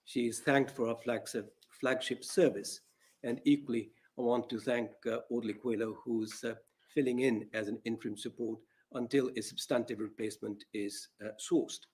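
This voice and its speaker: A man, a judge giving a measured, formal address in a courtroom. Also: mid-range voice, fairly even intonation, darkish tone, husky. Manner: measured, formal, reads from prepared remarks.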